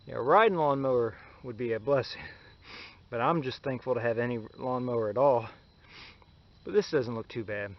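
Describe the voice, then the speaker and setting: A man with a mid-range voice vlogs at a moderate pace about chores around the house, talking straight to his viewers in a casual, folksy manner. He sounds out of breath at times, and the audio is dull.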